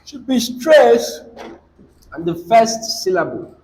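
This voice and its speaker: A man with a Nigerian English accent teaching a classroom English lesson, dictating rules slowly, repeating them and quizzing students. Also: very high voice, very animated, darkish tone, rough recording.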